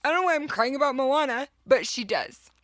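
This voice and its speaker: A woman's voice: high voice, expressive, a little fast, a bit bright, dry recording. A woman hosting a podcast, retelling a story with heartfelt enthusiasm in a casual, reflective way. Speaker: podcast host.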